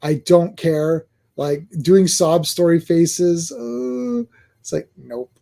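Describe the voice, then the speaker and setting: A man with a high, light voice rambles through a casual podcast chat. He tells stories at length and often laughs at his own jokes. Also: slow pace, vocal fry, mellow. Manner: rambling, self-amused storytelling. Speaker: podcast host.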